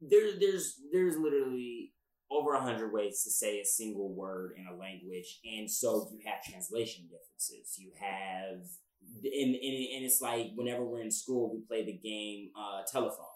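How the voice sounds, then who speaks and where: A man's voice: lowish voice, normal speed, a little mellow. A man co-hosting a podcast in casual chat, rambling with emphatic restarts. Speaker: podcast co-host. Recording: roomy echo.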